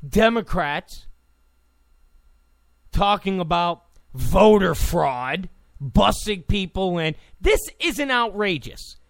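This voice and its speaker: A man's voice: high voice, sing-song, takes it slowly, gravelly, a bit bright, dry recording. A man giving a heated political rant, repeating his points with sarcastic asides. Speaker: political commentator.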